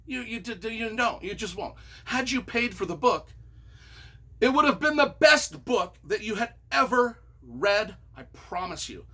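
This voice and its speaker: A novelist reads reviews of his own books in a high, bright, forceful voice, very animated yet unhurried. His commentary is casual, mock-earnest and playfully sarcastic, and he often trips over his words.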